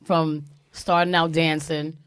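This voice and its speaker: A woman's voice: low-pitched, little pitch movement, takes it slowly, clear, resonant tone, dry recording, clean studio sound. A female co-host in casual interview chat, reacting with giggly exclamations.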